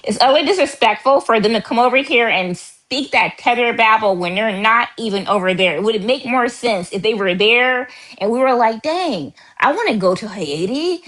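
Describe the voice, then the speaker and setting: Exasperated ranting woman, a bit high. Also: normal speed, few pauses, a bit bright. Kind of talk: heated panel talk.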